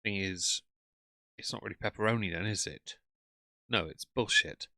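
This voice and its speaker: A man's voice: on the low side, moderate pace, bright, forceful tone, dry recording. A man, commenting bluntly and sarcastically while reading out chat on a live stream.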